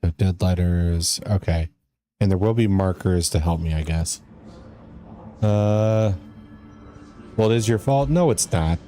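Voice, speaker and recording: A man's voice: low-pitched, a little slow, pauses often, warm tone, faint music behind. A man streaming a game live, chatting casually with his viewers and reading in-game letters aloud.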